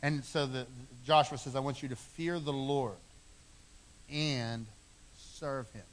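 A man's voice: mid-range voice, steady tone, slow, slight background noise. A middle-aged man preaching a sermon, earnest, repeating phrases for emphasis. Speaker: pastor.

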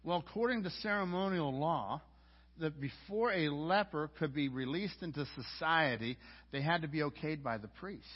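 High-voiced man preaching, dull recording. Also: moderate pace. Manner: conversational preaching with frequent stammered restarts. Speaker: pastor. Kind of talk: sermon. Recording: dull lo-fi audio.

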